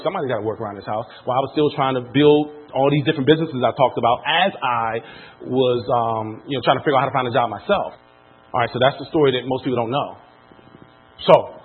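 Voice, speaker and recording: A man giving a motivational talk to an audience, telling his story with lively ups and downs in loudness. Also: medium pitch, husky. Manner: animated storytelling, jumps from quiet to loud. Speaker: motivational speaker. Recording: lo-fi, phone-like sound.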